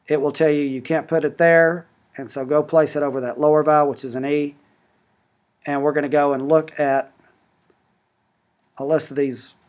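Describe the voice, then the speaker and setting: Man, app tutorial narrator, patient and explanatory, slightly higher voice, unscripted with restarts. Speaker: language app instructor. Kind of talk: screen-recorded tutorial.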